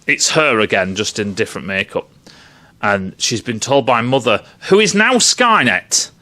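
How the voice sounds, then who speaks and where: A man's voice: medium pitch, very animated, moderate pace, bright, forceful tone. A man giving a profane, sarcastic film review rant, swearing freely and sounding exasperated.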